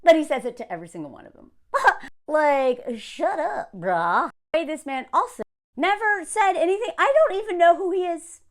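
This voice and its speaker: A woman's voice: very high voice, very animated, moderate pace. A woman giving an opinionated commentary rant to camera in a sarcastic, scornful way. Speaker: commentary vlogger.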